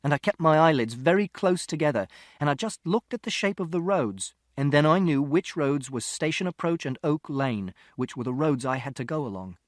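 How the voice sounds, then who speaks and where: A man's voice: on the high side, animated, moderate pace, dry recording, clean studio sound. A man narrating an audiobook in the first person, with a precise, literal, methodical delivery.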